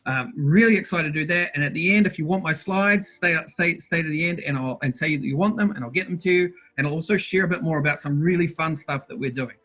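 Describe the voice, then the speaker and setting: A man hosting an interactive online workshop from his bedroom over a video call, talking fast and upbeat and greeting participants by name. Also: a little high, pushed and bright. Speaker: workshop host. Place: bedroom at home.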